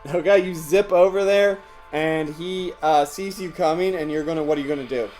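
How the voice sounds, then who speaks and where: A man narrating as game master, animated and laughing often, with faint music behind. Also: a little high, moderate pace. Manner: animated, laughs often, acts out villains in yelps.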